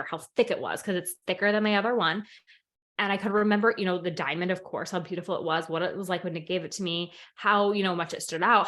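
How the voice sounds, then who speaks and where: A woman coach casually telling a personal story to camera in an animated, excitable way, full of "like", sometimes dropping to a whisper. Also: mid-range voice. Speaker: manifestation and meditation coach.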